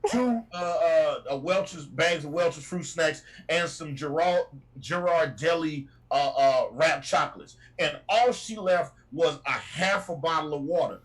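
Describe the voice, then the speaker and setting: Husky, animated man ranting. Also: fairly high pitch, unhurried, few pauses. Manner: animated, profane, laughing storyteller. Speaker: podcast co-host and rideshare driver. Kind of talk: casual ranting chat.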